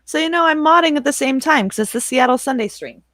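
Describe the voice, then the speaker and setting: A young woman chatting on a livestream, telling stories with animated talk and frequent laughs. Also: sits high, quick pace, no room sound. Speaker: streamer and channel moderator. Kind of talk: casual livestream chat.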